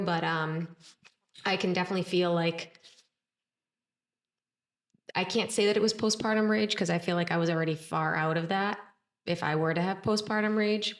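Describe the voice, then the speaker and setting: A woman co-hosting a podcast speaks frankly and reflectively, often hedging with "um" and "I'm not sure". Her voice is notably deep for a woman. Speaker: podcast co-host. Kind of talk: casual chat.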